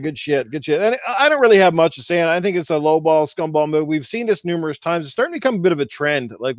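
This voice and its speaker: A man's voice: fairly high pitch, dry recording, lo-fi sound. A man hosting a casual gaming podcast, talking loosely with plenty of swearing and laughter. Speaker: podcast host.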